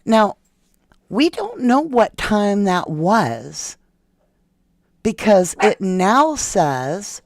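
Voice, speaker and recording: A woman's voice: lowish voice, dry recording, clean studio sound. A woman hosting a true crime podcast in a casual, chatty way, talking straight to her viewers and reading a document aloud.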